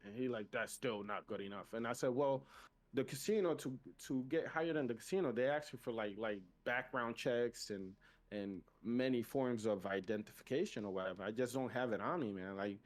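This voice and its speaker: A man's voice: mid-range voice, fairly quick. Man with an accent telling a story. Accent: non-native accent. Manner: animated retelling, acting out both sides of a conversation. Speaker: podcast co-host. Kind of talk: casual storytelling.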